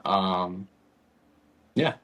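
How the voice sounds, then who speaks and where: A man's voice: low voice, extremely slow, sharp tone. A man hosting a podcast in casual chat, loose and laughing, with casual swearing. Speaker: podcast host.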